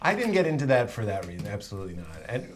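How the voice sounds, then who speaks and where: A man's voice: mid-range voice, big pitch swings. A man as a guest comedian in a casual chat, playful and teasing. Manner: playful, teasing, quick to riff. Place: home kitchen. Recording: clicks over background noise.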